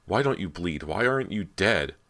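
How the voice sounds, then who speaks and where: A man's voice: extremely low pitch, moderate pace, a bit bright. A man voicing a cruel, lonely ghost girl in a horror audiobook, cold and menacing. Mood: angry demanding.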